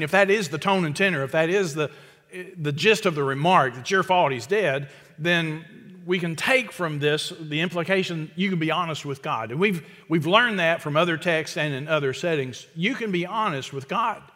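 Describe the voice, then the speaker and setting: Male pastor, sermon delivery, slightly high and crisp, chatty and emphatic, restarts often. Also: moderate pace, sharp tone. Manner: conversational, emphatic, with frequent restarts. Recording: long hall reverb.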